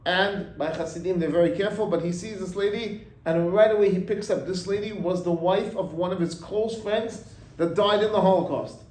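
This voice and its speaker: A rabbi telling a story in a sermon, acting out its voices and mixing in Hebrew and Yiddish words. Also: male voice, high-pitched, normal speed, roomy sound, low-quality recording. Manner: animated, acts out the voices in the story.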